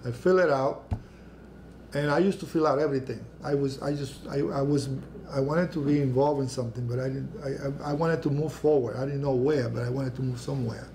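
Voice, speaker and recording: An older man whose first language is Spanish, telling his life story at an oral history panel, halting and restarting often and acting out the people he quotes. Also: medium pitch, steady tone, a little mellow, a little hiss or hum. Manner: halting, many restarts, acts out quoted voices. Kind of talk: personal storytelling.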